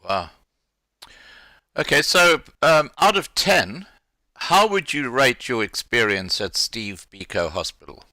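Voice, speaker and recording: Male live-stream host, bright edge to his voice, reactive, stumbles over restarts. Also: mid-range voice, big pitch swings, takes it slowly. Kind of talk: live interview.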